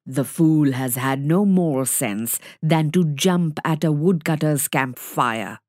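A woman voicing a gruff, protective male wolf in a read-aloud story, speaking low with grunts. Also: slow pace, a little mellow, dry recording, clean studio sound. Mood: stern.

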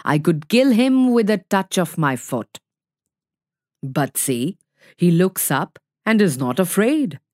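A woman voicing a gruff, protective male wolf in a read-aloud story, speaking low with grunts. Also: very animated, slow, a little mellow, dry recording, studio quality. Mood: stern.

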